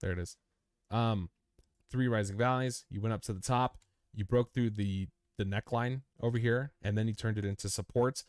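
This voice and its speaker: A smooth, medium-pitched young man hosts a livestream analyzing crypto charts, recorded at studio quality with no echo. His talk through the price charts is casual and chatty, full of repeated phrases. He speaks to the chart as "you" and calls people "man," "dude," and "bro."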